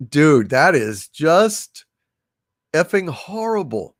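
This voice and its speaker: Animated, sniffly male livestream host. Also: a little high, takes it slowly, dry recording, studio quality. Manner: exclamatory, reads chat messages aloud with frequent fillers. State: sniffly and irritated throat from allergies. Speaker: livestream host reading viewer messages. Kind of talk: casual livestream chat.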